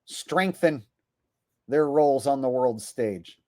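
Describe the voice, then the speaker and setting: A man's voice: mid-range voice, animated, takes it slowly, darkish tone, no echo. A man ranting to camera as a comedy commentator, blunt, sarcastic and full of swearing. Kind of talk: profane rant to camera.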